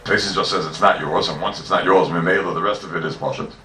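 A man teaching a Talmud class, animated and full of rhetorical questions, heard from a distance in an echoey room. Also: low-pitched, fast, a little hiss or hum. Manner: animated, rhetorical questions, Yeshivish mix of Hebrew and Yiddish terms. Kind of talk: Talmudic lecture. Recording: echoey room, distant mic, faint ambience.

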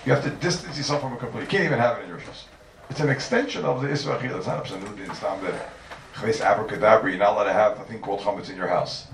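A man's voice: fairly low pitch, racing. Man teaching a Talmud class from afar. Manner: animated, repeating points for emphasis. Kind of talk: Talmudic lecture. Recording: echoey room, distant mic, faint noise.

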